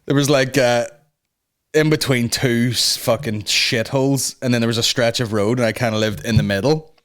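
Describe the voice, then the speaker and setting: A man's voice: mid-range voice, fairly even intonation, normal speed, a bit bright. A man hosting a comedy podcast, rambling through a casual rant and swearing constantly.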